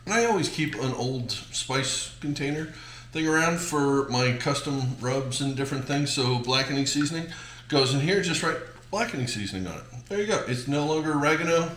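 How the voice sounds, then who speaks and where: A man's voice: mid-range voice, expressive, normal speed, a bit bright, echoey room, a little hiss or hum. Joking man hosting a cooking video. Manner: jokey, rambling, chatty asides. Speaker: cooking channel host. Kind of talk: casual cooking demonstration.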